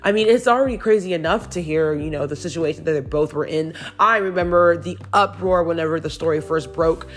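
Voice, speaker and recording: A chatty woman hosts a celebrity gossip show in a somewhat low voice, reading stories aloud and breaking off to give her own opinions. She giggles now and then, and her voice is still recovering after being lost. Faint music plays behind her. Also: brisk, hardly any pauses. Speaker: celebrity news host. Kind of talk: casual gossip news commentary.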